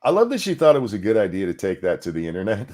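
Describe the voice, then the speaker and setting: A man's voice: fairly low pitch, huge pitch swings, fast talker, a little mellow. A man co-hosting a casual podcast, ranting in a crude, mocking, profane way. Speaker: podcast co-host.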